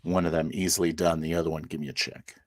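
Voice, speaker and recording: A man's voice: extremely low pitch, fairly even intonation, quick pace, dry recording. A man narrating as game master, describing scenes vividly.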